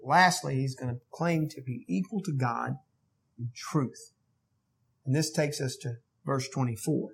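Slow-paced emphatic man preaching. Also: mid-range voice, creaky. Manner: emphatic, swings from quiet teaching to loud exhortation. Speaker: pastor. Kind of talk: sermon.

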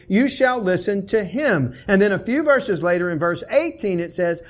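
A man preaching a sermon with a high, light voice and an unhurried, deliberate delivery. He leans hard into emphasis when quoting scripture, his voice climbing on the key words. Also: a bit bright. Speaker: pastor.

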